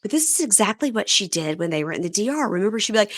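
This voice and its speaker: A woman hosting a casual podcast, retelling reality show scenes with lively acted-out quotes. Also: mid-range voice, racing, no room sound, clean studio sound. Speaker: podcast host. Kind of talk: casual recap chat.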